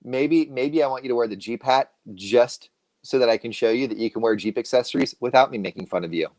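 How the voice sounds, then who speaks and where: A co-host chatting on a video call from home, telling stories in a rambling, animated way with many restarts. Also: medium pitch, fairly quick, no room sound. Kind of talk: casual live-stream chat.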